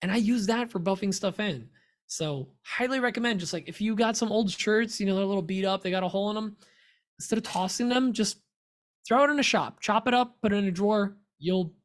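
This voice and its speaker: An American man co-hosting a woodworking podcast, chatting casually and rambling with fillers and laughs. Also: high voice. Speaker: podcast co-host. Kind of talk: casual chat.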